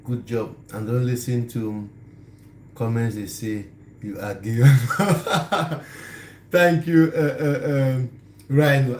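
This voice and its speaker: A man hosting a casual live stream, chatting and laughing easily as he greets viewers. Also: mid-range voice. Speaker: livestream host. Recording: echoey room, faint background noise.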